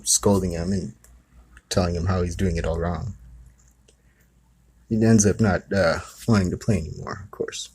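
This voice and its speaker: A man hosting a spiritual talk tells a story in a low voice with a darkish tone and a breathy edge. He's casual and rambling, dropping in lots of asides like "you know" and "okay."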